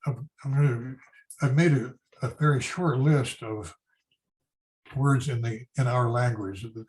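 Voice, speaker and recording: An older man teaches a history class in a slow, unhurried way. He talks in a casual lecture style, stopping often to restart a phrase or fill a pause with "um" and "uh". His voice sits at an ordinary middle pitch for a man. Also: a little mellow, rough recording. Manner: halting, many fillers and restarts.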